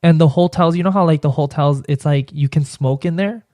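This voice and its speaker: Young dude w mexican accent, kinda hesitant, dry close sound. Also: male voice, fairly high pitch, fairly quick, warm tone, no echo. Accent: Mexican Spanish. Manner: hesitant, repeats himself. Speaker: guest. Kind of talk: casual chat.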